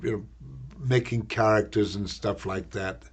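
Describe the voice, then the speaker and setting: An older man, an actor, recalling a film shoot in a rambling, halting interview anecdote, repeating words as he goes. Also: lowish voice, fairly even intonation, husky.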